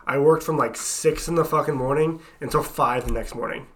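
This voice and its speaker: A man's voice: fairly high pitch, a little fast. A young man co-hosting a casual podcast, telling blunt, profane stories. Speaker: podcast co-host. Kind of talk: casual chat.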